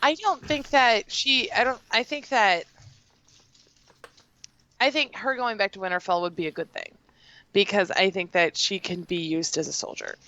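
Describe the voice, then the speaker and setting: A young woman co-hosting a podcast, chatting through a TV recap. Her voice is smooth and clear, and the recording sounds dry and a little dull. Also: mid-range voice, moderate pace, pauses often, pushed and bright, dry recording. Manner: chatty retelling with bits of quoted dialogue. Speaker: podcast co-host. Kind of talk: casual chat recapping a TV episode.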